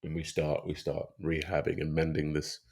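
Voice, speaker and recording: A young man with a very deep, low voice talking rugby on a podcast. His manner is laid-back and easygoing, and he hedges his points with plenty of filler words. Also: monotone, moderate pace, a little mellow, husky. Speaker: rugby player and podcast regular. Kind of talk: casual rugby podcast chat.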